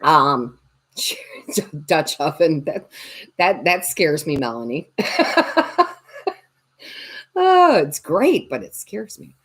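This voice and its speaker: A woman's voice: sits low, sing-song, very slow, long pauses. A woman tarot reader and medium chatting on a livestream, joking and reading viewer comments aloud. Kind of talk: casual livestream chat.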